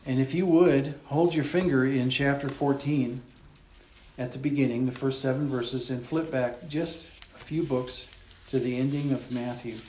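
A man's voice: mid-range voice, fairly even intonation, moderate pace, darkish tone, a little hiss or hum. Man preaching a verse-by-verse sermon. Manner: conversational, explains and repeats points. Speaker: pastor. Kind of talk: expository sermon.

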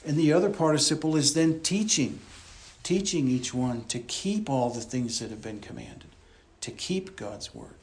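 A man delivering a teaching sermon from the pulpit, in a voice of ordinary middle pitch. He talks in an easy, conversational way, walking listeners through the text and circling back to restate each point. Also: lively intonation, moderate pace. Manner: conversational, explains and repeats points. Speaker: pastor. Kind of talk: expository sermon.

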